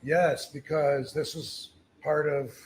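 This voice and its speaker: There's a little hiss or hum behind this slightly high male voice, which takes things slowly. The middle-aged podcast host narrates a story casually, with animation, imitating what others said and often restarting.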